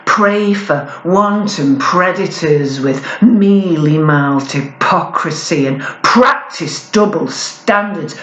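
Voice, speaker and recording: A woman performing spoken-word poetry with a defiant, deliberate, drawn-out delivery. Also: deep voice. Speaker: performance poet. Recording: echoey room.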